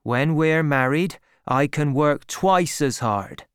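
A man's voice: fairly high pitch, slow pace, clear, resonant tone, no room sound, studio quality. A man reading an earnest young shepherd. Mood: earnest pleading. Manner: earnest, gentle, pleading. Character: earnest young male shepherd farmer, pleading in love.

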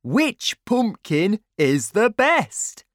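A woman doing a lively, eager boy. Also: medium pitch, very slow, dry recording, clean studio sound, voice pushed up.

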